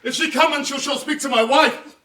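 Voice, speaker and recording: An actor playing a jealous, tormented husband in amateur stage acting, brooding murmurs breaking into shouts. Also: male voice, very high-pitched, a little fast. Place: outdoor stage, roomy. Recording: roomy echo from far off.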